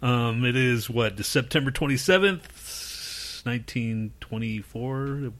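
A man's voice: medium pitch, slow, a bit bright. A man co-hosting a podcast, rambling through crude casual banter, swearing freely and laughing often. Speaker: podcast co-host.

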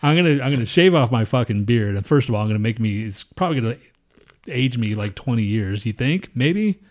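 His mid-range voice is expressive and brisk as this man in his thirties, a podcast co-host, rambles through a long, profane story. It's casual chat, and he performs his coworkers' lines along the way.

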